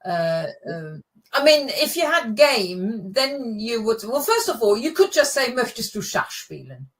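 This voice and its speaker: A woman's voice: on the high side, big pitch swings, unhurried. German-native woman teaching, patient, explains pronunciation step by step. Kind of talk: casual language lesson.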